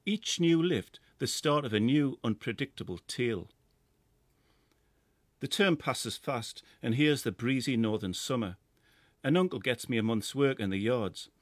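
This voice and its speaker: A middle-aged man with a Geordie accent, reading a first-person story in a measured, lyrical way. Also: medium pitch, expressive, no room sound. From North East England. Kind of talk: scripted first-person narration.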